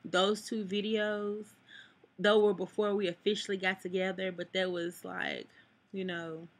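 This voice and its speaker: A woman's voice: medium pitch, little pitch movement, a little slow. A young woman talking to her camera in a personal vlog, rambling and full of "like", close to tears at times. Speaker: vlogger. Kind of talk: emotional personal vlog talk. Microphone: camera mic.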